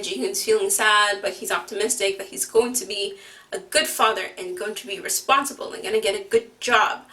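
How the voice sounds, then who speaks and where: A woman's voice: medium pitch, sharp tone, far from the mic. A woman vlogger recapping a reality show in a chatty, opinionated way, full of "like" fillers. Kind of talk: casual TV recap chat.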